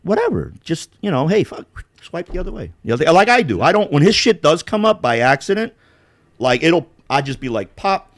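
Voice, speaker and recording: A man's voice: on the high side, sing-song, normal speed, no room sound. A man hosting a casual podcast, rambling bluntly with heavy swearing. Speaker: podcast host.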